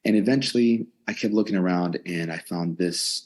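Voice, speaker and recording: Speaking at a normal pace in a low voice, a personal trainer in his 20s tells his story openly for a casual podcast. The retelling is energetic and lively, full of inner dialogue, and it's recorded at his own gym, which occupies a converted storage unit.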